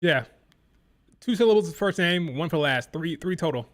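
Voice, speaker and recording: A man's voice: on the high side, lively intonation, moderate pace. A man hosting a live wrestling watch-along, chatting casually and mimicking crowd chants in a sing-song rhythm. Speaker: live stream reaction host.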